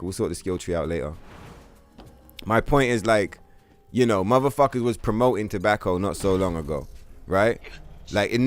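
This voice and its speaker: A man, streaming a video game and ranting casually, full of swearing and filler words. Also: on the low side. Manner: profane, rambling rant, heavy on "bro" and "like". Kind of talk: casual livestream commentary.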